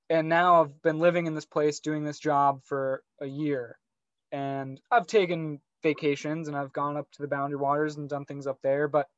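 A man's voice: on the high side, dry recording, dull audio. A young man co-hosting a podcast, talking in a rambling, reflective way and laughing often in casual chat. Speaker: podcast co-host.

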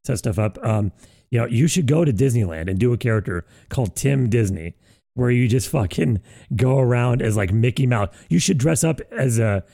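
A young man co-hosting a casual comedy podcast, animated and mocking, swearing freely and jumping into high teasing voices. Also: normal speed, gravelly, dry recording, clean studio sound.

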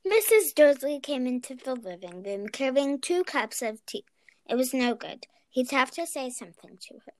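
A woman reading a storybook aloud in a careful, measured way. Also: high voice, lively intonation. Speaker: reader.

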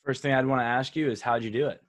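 A man's voice: medium pitch, steady tone, fast, fairly bright tone, dry recording. A young man in his twenties hosting a podcast, asking rambling questions full of fillers. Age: 20s. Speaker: podcast host. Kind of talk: casual interview.

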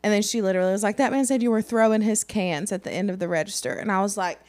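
A woman's voice: medium pitch, fast, darkish tone. Laughing young woman on a podcast. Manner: laughs often, chimes in. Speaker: podcast co-host. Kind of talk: casual chat.

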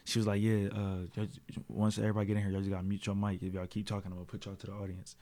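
A man's voice: fairly low pitch, completely flat delivery, very fast, warm tone. A man co-hosting a podcast, telling a story in casual chat, full of slang and fillers. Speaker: podcast co-host.

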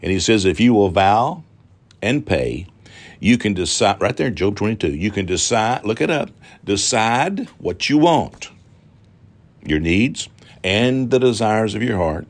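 Fervent low-voiced televangelist man. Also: expressive. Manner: fervent and repetitive, with drawn-out emphatic phrases. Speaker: televangelist pastor. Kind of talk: televised sermon with donation appeal.

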